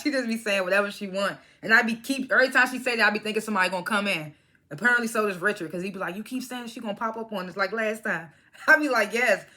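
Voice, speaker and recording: Casual, bright-voiced woman recapping a show. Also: mid-range voice. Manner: animated retelling, acts out characters' lines, frequent laughs. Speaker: TV episode reviewer.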